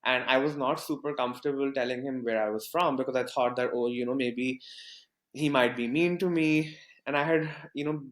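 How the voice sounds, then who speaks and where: Speaking at a moderate pace with a medium-pitched voice, a young man from Pakistan tells a story as a podcast guest. The sound is reverberant, and his telling is casual and rambling, with frequent fillers and false starts.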